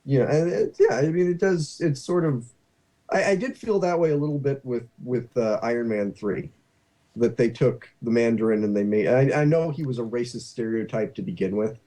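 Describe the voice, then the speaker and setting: A man hosting a casual talk show, rambling and halting with many restarts. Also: mid-range voice, dark tone. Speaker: podcast host. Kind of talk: casual chat.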